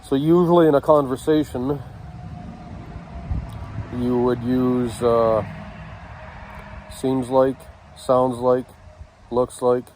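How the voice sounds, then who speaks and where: A man teaching communication techniques, speaking in short halting phrases with pauses between them. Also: mid-range voice, fairly even intonation, warm tone, a little hiss or hum, poor audio. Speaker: communication instructor. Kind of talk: slow instructional talk.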